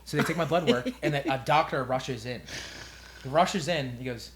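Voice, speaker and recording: A young man co-hosting a podcast, telling a story in a casual, comedic way. He talks with animated delivery, lots of swearing and laughter. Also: mid-range voice, moderate pace, a little hiss or hum. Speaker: podcast co-host. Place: quiet room.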